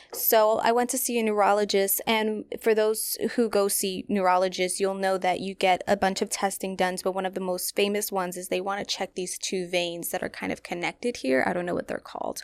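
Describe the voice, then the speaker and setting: A woman's voice: medium pitch, vocal fry, clean tone, no echo, clean studio sound. A young adult woman hosting a podcast, telling a personal story in a candid, rambling way with many fillers. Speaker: podcast host.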